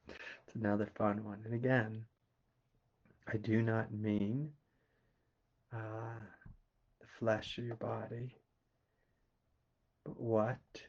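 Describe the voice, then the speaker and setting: A man from Kentucky with a Southern accent, a spiritual teacher giving a slow, meditative satsang talk and asking quiet questions between soft laughs. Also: lowish voice, highs cut off. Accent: Southern American. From Kentucky, USA.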